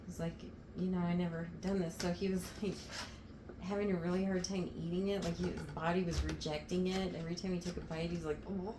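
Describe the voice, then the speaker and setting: A woman telling a funny story in a casual, animated way, swearing now and then. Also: on the low side, fast. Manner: animated, lively retelling with swearing. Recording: roomy, noisy, off-mic.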